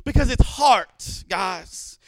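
A man in his thirties preaching a sermon in church, telling stories and acting out quotes with lively energy. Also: high voice, slow pace, dry recording. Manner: animated storytelling with acted-out quotes. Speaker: pastor.

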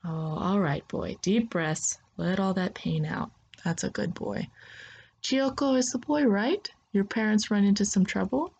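A woman's voice: mid-range voice, a little slow, vocal fry, a little mellow, muffled recording, slight background noise, voice pushed up. A woman voicing a kind, poor, easily confused old male space pilot who mutters to himself and speaks in a folksy, soothing way.

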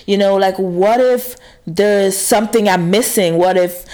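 A woman's voice: medium pitch, measured pace, mellow. Frank, swearing woman rambling casually. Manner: frank, swears freely, many fillers and restarts. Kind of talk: casual confessional monologue.

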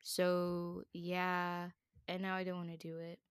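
A woman's voice: lowish voice, takes it slowly, smooth, no echo, clean studio sound. A woman co-hosting a podcast, chatting casually and telling stories with lots of giggles. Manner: giggly, animated storyteller. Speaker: podcast co-host. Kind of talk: casual chat.

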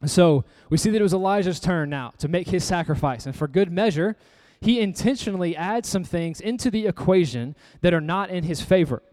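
Male pastor, somewhat high voice, earnest conversational sermon delivery, long hall reverb. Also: lively intonation, a little fast, hardly any pauses, darkish tone. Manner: earnest, conversational preaching with rhetorical questions. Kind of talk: sermon with scripture reading.

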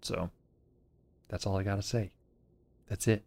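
A man co-hosting a podcast, casually reviewing a movie with lots of fillers and trailing off quietly. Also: fairly low pitch, fairly even intonation, unhurried, vocal fry. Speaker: podcast co-host.

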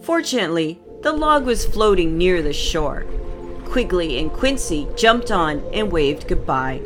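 Woman reading a kids' story, slow, lowish voice, lots of up and down, soft music behind. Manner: expressive, slow.

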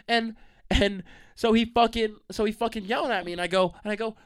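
A young man hosts a solo storytime podcast. He swears constantly and jumps from one tangent to the next. His voice sits slightly high for a man. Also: quick pace. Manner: profane, animated, sidetracked storytelling. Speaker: podcast host.

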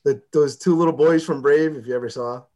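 A male podcast co-host chatting casually, with hesitant, halting restarts. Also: on the high side, mellow. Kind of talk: casual chat.

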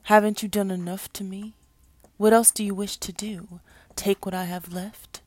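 A woman's voice: fairly low pitch, level tone, measured pace, gravelly, a little mellow, slightly rough, dry recording, full character voice. A woman voicing a tormented male fallen angel who growls, moans and bursts into screams in a whispered story reading. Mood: raging.

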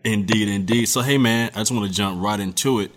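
A man's voice: fairly low pitch, brisk. A middle-aged man hosting a podcast, upbeat and talking straight to his listeners. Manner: upbeat, speaks to the listeners directly. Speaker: podcast host. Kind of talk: casual interview chat.

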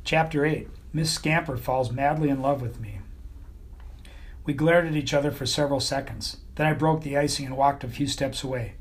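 A man's voice: mid-range voice, fairly even intonation, normal speed, slightly rough. A man reading a comic children's story as an audiobook narrator, in a folksy, mock-grand manner.

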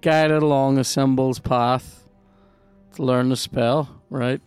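A man with a Northern Irish accent, hosting a podcast and commenting on a video game in a sweary, excitable, jokey way. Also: mid-range voice, slow, smooth, no room sound, faint music behind. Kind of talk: casual gameplay commentary.

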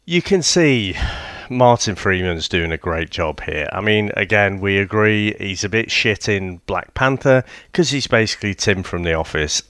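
A man's voice: fairly low pitch, animated, moderate pace, a bit bright, dry recording, studio quality. A man co-hosting a podcast, casually discussing a TV show, laughing easily and speaking expressively. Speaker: podcast co-host. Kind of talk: casual chat reviewing a TV show.

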